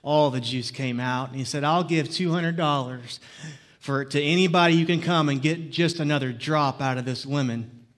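A man's voice: on the high side, moderate pace, fairly bright tone. A man preaching a sermon as pastor, opening with jokes and stories before turning earnest. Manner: jokey storytelling, then earnest preaching.

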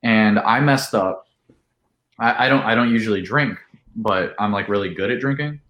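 A man telling a long, animated party story in casual chat, with lots of "like" and acted-out quotes. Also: fairly low pitch, moderate pace, roomy sound, muffled recording. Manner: animated, full of "like", acts out quotes. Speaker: podcast guest.

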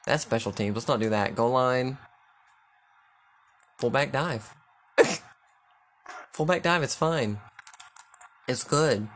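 A man commenting casually on his own football video game, thinking aloud, swearing freely and getting excitable on big plays. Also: mid-range voice, slow pace, long pauses, slight background noise.

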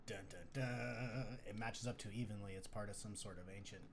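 A man's voice: lowish voice, little pitch movement, fast talker, slight background noise. A man co-hosting a casual live stream, teasing his co-host and joking as he reads the comments. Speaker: podcast co-host.

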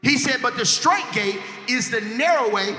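A man preaching a sermon to a congregation, going from quiet talk to shouted, sung-out lines and calling for responses. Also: extremely high pitch, lively intonation, moderate pace. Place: church. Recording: echoey church hall with music behind.

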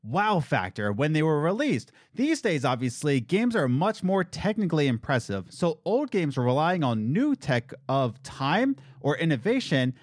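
A man's voice: fairly high pitch, sing-song, moderate pace, few pauses, dry recording, clean studio sound. A man in his late twenties hosting a casual podcast chat, joking around and reading listener comments aloud. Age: late 20s. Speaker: podcast host.

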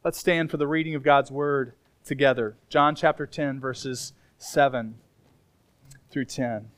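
A male pastor preaching to his congregation in a relaxed, emphatic, conversational way. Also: medium pitch, unhurried. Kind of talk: sermon. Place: church sanctuary.

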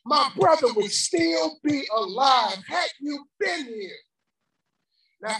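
A woman preacher giving an impassioned outdoor sermon in a park, shouting her emphatic lines and calling out to the crowd. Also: on the high side, far from the mic, low-quality recording.

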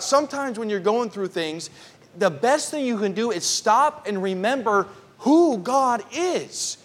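Male pastor, high voice, earnest sermon delivery, slow scripture reading. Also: animated, a bit bright. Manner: earnest, reads scripture slowly, restarts phrases. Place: church.

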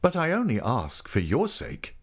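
A man doing an insistent gentleman suitor. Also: medium pitch, big pitch swings, measured pace. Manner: insistent, forceful questioning. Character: insistent gentleman suitor, hot-tempered and ironic.

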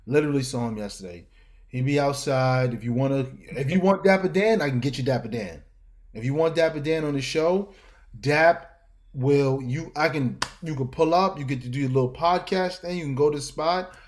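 A middle-aged man from Harlem with a New York accent, a fashion designer telling stories as an interview guest, slangy and animated, acting out the people in his stories. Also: mid-range voice, moderate pace. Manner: animated storyteller who acts out voices, slangy. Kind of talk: casual storytelling interview.

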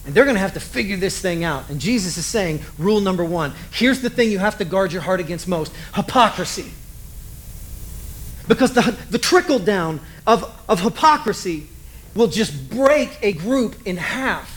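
A man's voice: high-pitched, expressive, normal speed, rough recording. A man preaching a sermon as a pastor, talking animatedly and acting out little asides.

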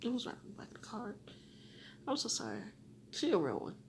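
A woman's voice: a little high, huge pitch swings, a little fast, vocal fry. Rambling, swearing young woman podcaster. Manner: rambling and profane, swinging from near-whispers to loud venting. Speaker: podcast host. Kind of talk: solo podcast, talking to herself.

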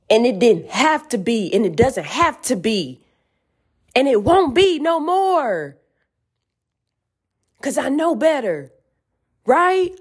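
Woman host, high voice, fiery preachy rant full of swearing. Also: very animated, slow, pauses often, slightly rough. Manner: profane, fiery, preachy and emphatic. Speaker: podcast host. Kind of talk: emphatic spiritual rant.

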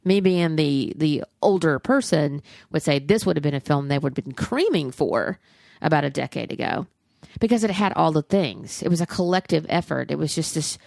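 A middle-aged woman with a low, gravelly voice talks in candid, profane, rambling chat about films. Her voice sits dry and close to the mic, with no room around it. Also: lively intonation, normal speed, darkish tone, no room sound. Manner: candid, profane and chatty with frequent restarts. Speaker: podcast co-host reviewing films. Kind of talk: casual chat.

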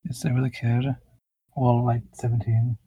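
A man's voice: mid-range voice, monotone, moderate pace, warm tone, slightly rough, dry recording, poor audio. A man co-hosting a casual podcast review, rambling and laid-back, recording in a closet at a friend's house over a call. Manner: laid-back, rambling, lots of likes and uhs. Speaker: podcast co-host. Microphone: remote call recording.

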